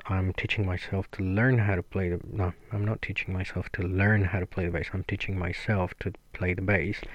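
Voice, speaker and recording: A man from Mexico with a Mexican accent, rambling through a solo podcast in a flat, sweary, self-mocking way. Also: low-pitched, dry recording, lo-fi sound. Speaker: podcast host.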